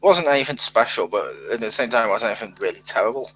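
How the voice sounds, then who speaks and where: Man, podcast co-host, lively pitch, blunt and joking. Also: quick pace, muffled recording. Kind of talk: casual wrestling chat.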